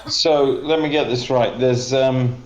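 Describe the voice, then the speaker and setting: A man playing a tabletop game, asking slow, deliberate questions. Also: mid-range voice, fairly even intonation, roomy sound, rough recording. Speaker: player.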